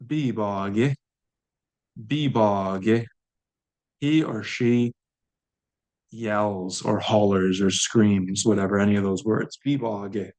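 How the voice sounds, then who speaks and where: Low voiced guy teaching a language class, slow and patient, says every word twice. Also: a little mellow. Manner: slow, patient, repeats words aloud for learners. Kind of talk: relaxed language lesson.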